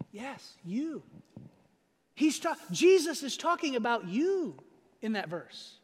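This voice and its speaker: A male pastor with a very high voice preaches a sermon in an easy, conversational manner, often pausing to ask "right?". His voice carries a long reverb from a church hall. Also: fairly bright tone.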